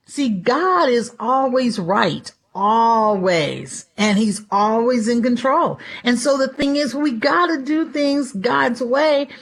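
Woman, preacher, conversational Bible teaching, chatty, acts out quotes, fairly high voice. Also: animated, takes it slowly, few pauses.

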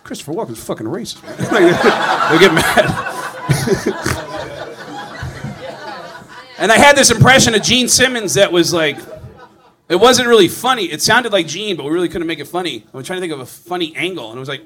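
A male comedian spins a tale with animated energy, laughing through his lines and swearing freely. His voice is high for a man and bright and forceful. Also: normal speed, long pauses, a faint crowd. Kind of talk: comedic storytelling.

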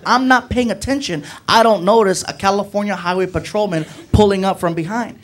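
A man's voice: high voice, fairly quick, hardly any pauses. A young man doing stand-up, telling a story and acting out his friends and a cop in raised voices. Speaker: stand-up comedian. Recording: noisy live club recording.

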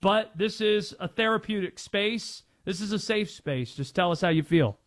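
A man runs a sports call-in show with a high, bright-sounding voice. He talks fast and animated, cracks jokes and takes shots at himself. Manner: animated, quick, jokey and self-deprecating. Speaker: sports talk radio host. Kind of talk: energetic sports radio talk.

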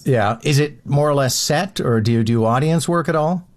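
A man hosting an interview show, giving brisk introductions and questions. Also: fairly high pitch. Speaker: radio show host.

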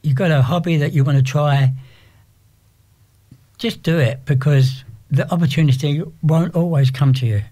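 An older English man talking as an interview guest, rambling and halting with frequent restarts. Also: on the high side, steady tone, warm tone. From England. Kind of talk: casual interview.

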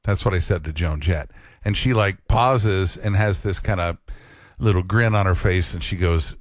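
A middle-aged man hosts a radio show and tells a story in a loose, chatty way, mocking himself and acting out quotes with lively jumps. His voice sits low and comes through a close studio mic with a dry sound and no room echo. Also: normal speed. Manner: chatty, self-deprecating, animated quotes. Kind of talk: casual on-air storytelling.

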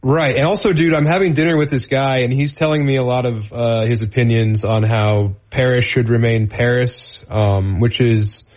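A man's voice: medium pitch, normal speed, few pauses. A man, a stand-up comedian, telling a rambling story on a podcast and acting out the voices of the people in it. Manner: rambling, animated, acts out voices in anecdotes. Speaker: comedian guest. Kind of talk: casual storytelling.

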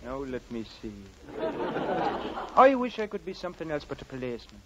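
A man's voice: medium pitch, big pitch swings, fairly quick, crowd noise, lightly acted. A man doing a brogue-thick Irish setter dog. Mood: jovial. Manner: thick put-on Irish brogue, chuckling, blustery. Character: jovial Irish cop turned Irish setter dog, male. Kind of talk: 1940s radio comedy acting. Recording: dull lo-fi old radio recording with faint hiss.

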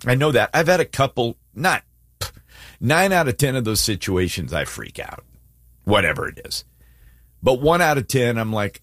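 A man co-hosting a faith talk show, his voice rising and falling in a lively way as he acts out quotes. The sound is close and dry, with no room around it. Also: moderate pace, no echo. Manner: animated, acts out quotes with swings in pitch. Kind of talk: casual Bible discussion.

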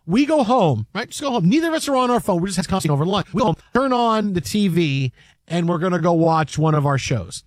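A man co-hosting a sports podcast, telling stories in an animated, rambling way. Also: high voice, quick pace, no echo, clean studio sound. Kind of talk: casual sports talk.

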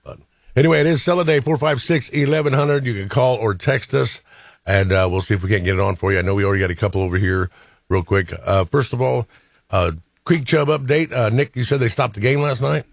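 A man's voice: mid-range voice, a little fast, vocal fry, no room sound, studio quality. A man co-hosting a morning radio show, easygoing and rambling, laughing often. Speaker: radio co-host. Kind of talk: casual morning radio chat. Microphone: studio microphone.

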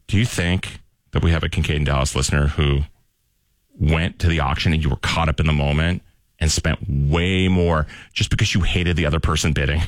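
A man's voice: a bass voice, fairly even intonation, brisk, dry recording. A man co-hosting a morning radio show, teasing and asking joking questions. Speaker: radio co-host. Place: radio studio.

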